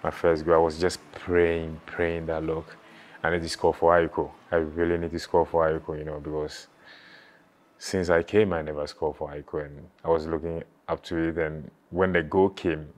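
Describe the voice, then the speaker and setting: A former footballer with a low, flat voice reminisces about his career in an emotional interview. He speaks haltingly, repeating words and saying "you know" often, and at times he is close to tears.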